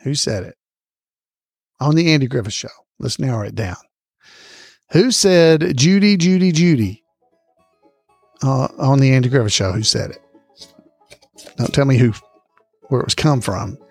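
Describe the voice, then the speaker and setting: A man hosting a casual podcast trivia quiz, reading each question slowly and repeating it, with frequent chuckles, on a close microphone. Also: mid-range voice, animated, vocal fry, a little mellow, husky, no echo, faint music behind.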